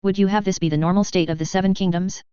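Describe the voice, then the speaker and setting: A woman's voice: medium pitch, steady tone, quick pace, dark tone, clean tone, no room sound, dull audio, close to an everyday voice. A woman voicing an earnest young woman advisor in a fan fiction reading, reasoning and pleading.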